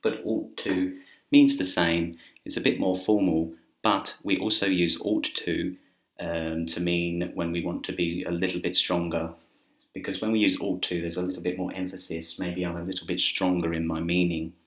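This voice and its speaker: A deep-voiced man gives a casual English grammar lesson to camera, chatty and relaxed, with plenty of filler words. His voice rings in a noticeably echoey room. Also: moderate pace. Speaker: English teacher. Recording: roomy echo.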